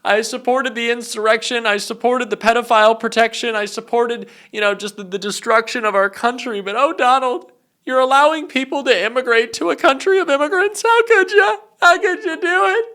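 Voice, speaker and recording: A man putting on a whiny, high wailing voice as a betrayed political supporter. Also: brisk, bright, forceful tone, full character voice. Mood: whining.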